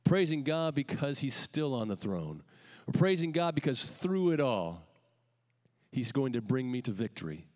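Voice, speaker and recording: A man preaching a sermon as pastor, calling out emphatic lines and then letting the ends drop quietly. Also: mid-range voice, sing-song, moderate pace, big-room sound. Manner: emphatic preaching with rising calls and quiet dropped endings. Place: church sanctuary.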